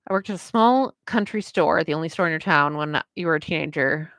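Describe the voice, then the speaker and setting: A woman's voice: deep voice, brisk, a bit bright, no echo. A woman comic artist chatting casually while she draws on a livestream, rambling through a story with lots of filler words and frequent laughter. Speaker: comic artist streaming her work.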